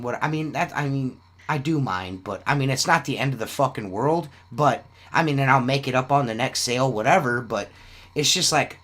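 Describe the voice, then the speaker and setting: A man's voice: medium pitch, pushed and bright. A man hosting a casual podcast, rambling and swearing often, with "you know what I mean" in nearly every sentence. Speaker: podcast host selling shirts.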